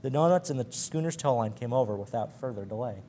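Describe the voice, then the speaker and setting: A man's voice: mid-range voice, quick pace, mellow, slight background noise. A man presenting a library program, reading sailor yarns aloud with slips and chuckles. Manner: stumbling, laughing at his slips.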